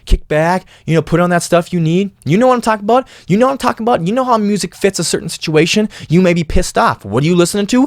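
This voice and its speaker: A young man talks straight into a close mic in a dry, unechoing sound, hosting his own podcast. His voice sits a little high, and his delivery is animated and casual. He breaks into loud, playful sound effects at times. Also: fast talker, no room sound. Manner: animated, bursts into loud mimicked noises. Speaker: podcast host. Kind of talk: casual monologue.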